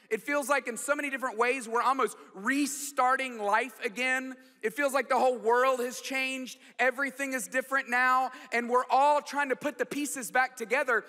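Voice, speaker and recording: Man, 40s, guest preacher: a high, sharp voice, storytelling, self-mocking, stumbling restarts, recorded in a church hall with a long reverb tail. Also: steady tone, normal speed, few pauses. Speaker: guest pastor. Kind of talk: storytelling sermon.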